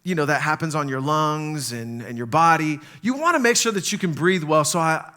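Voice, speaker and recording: A man with a high, bright, forceful voice preaches a sermon. He tells stories animatedly, jumping into panicked little quotes as he acts them out. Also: normal speed. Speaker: pastor. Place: church stage.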